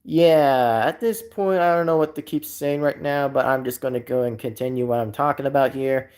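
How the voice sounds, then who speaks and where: A man's voice: mid-range voice, fairly even intonation, moderate pace, a little mellow. A man hosting a casual live stream, reading chat aloud and rambling with many repeats and fillers.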